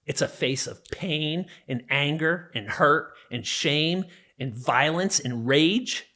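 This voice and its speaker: A man's voice: fairly high pitch, takes it slowly, bright, forceful tone. A middle-aged man from New Jersey, a podcast guest, telling a personal story in an intense, emphatic way. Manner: intense, emphatic, vivid retelling of a violent memory.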